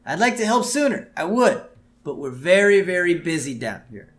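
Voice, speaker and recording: A man's voice: sits high, sing-song, normal speed, pitched above the performer's own voice. A man voicing a lazy, dismissive middle-aged cartoon police chief.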